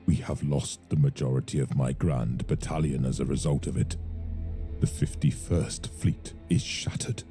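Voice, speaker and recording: An ancient male warsmith, worn down by age and stubborn in his duty, voiced by a man. His voice sits extremely deep and dark, and every line is grave and measured. Faint music plays beneath him. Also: fairly even intonation. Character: ancient weary male space marine warsmith.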